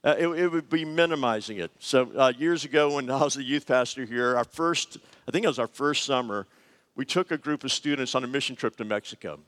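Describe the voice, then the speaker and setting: A middle-aged man preaching a sermon, telling personal stories in a conversational, animated way with frequent fillers. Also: medium pitch, brisk. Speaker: pastor. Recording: long hall reverb.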